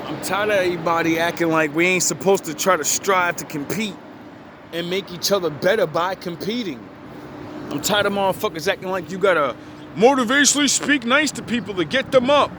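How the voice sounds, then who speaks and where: A man's voice: high-pitched, brisk. A young man, delivering a blunt, profane, preachy motivational rant outdoors by a street. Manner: blunt, heavy cursing, preachy. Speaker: video creator. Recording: noisy outdoor street recording.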